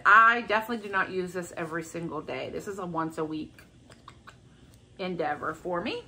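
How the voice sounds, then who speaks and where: A woman's voice: fairly low pitch, bright, forceful tone. A woman chatting casually at home about her shopping haul, rambling and upbeat. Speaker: haul vlogger. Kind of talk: casual chat. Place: home with a bay window.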